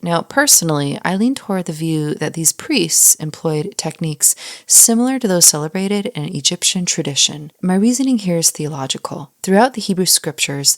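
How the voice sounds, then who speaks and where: Low-voiced woman teaching Bible history. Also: dry recording, studio quality. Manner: explanatory, with wry humorous asides. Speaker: podcast host teaching on the Bible. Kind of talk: scripted teaching podcast with read-out quotes.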